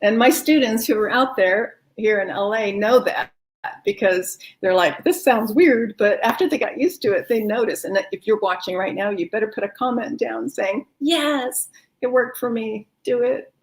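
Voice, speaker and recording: A woman with a mid-pitched voice guides a live online wellness class. She speaks in a warm, encouraging, chatty way and laughs easily. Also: normal speed. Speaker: wellness teacher. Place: home, no kids in the house.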